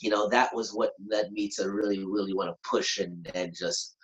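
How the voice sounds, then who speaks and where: A singer and performer telling a story in a lively, animated way, acting out moments and humming bits of songs. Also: male voice, lowish voice, normal speed. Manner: animated, acts out moments, sings snippets. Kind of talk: casual storytelling. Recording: dull lo-fi sound.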